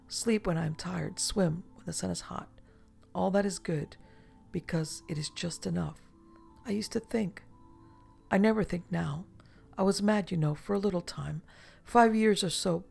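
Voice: mid-range voice, moderate pace, vocal fry, a little mellow. A storyteller voicing a woman over a century old who speaks in a detached, languid, world-weary way, with faint music behind. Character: weary ageless woman, emotionless.

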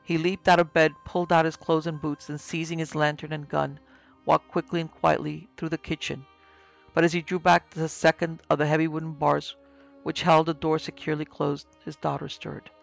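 A man narrating a horror story in a steady, even reading pace. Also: fairly high pitch, normal speed, vocal fry, soft background music.

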